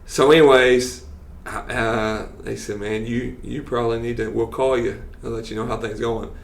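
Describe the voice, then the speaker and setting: A man, a coach telling lively stories on a podcast and acting out what people said. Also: medium pitch, normal speed, creaky. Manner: animated storyteller who acts out quotes with laughs. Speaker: football coach and teacher.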